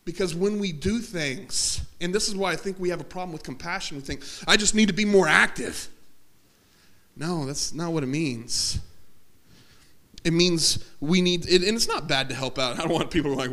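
A man giving a lively workshop talk at a campus ministry event, energetic and joking, laughing often. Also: on the high side, moderate pace.

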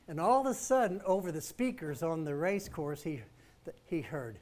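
A man's voice: a little high, sing-song, normal speed. A man preaching in a church, telling a story and calling the congregation to respond with emphatic lines. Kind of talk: storytelling sermon.

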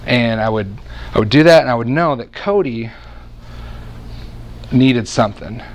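A man in his thirties preaching a sermon as a lively, joking storyteller who often restarts his sentences. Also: medium pitch, measured pace.

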